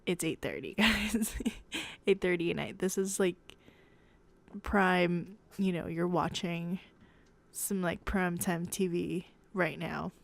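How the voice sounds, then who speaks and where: A young woman hosting her own podcast at home at night in a hushed, half-whispered voice, rambling and giggly and correcting herself as she chats casually. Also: lowish voice, slow pace, vocal fry. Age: young adult. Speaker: podcast host.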